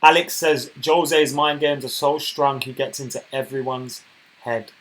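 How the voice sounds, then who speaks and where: A man hosting a casual football live stream, chatting and reading viewer comments aloud, getting loud and worked up when he rants. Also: mid-range voice, steady tone, a little slow, low-quality recording. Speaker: football channel host reading live chat.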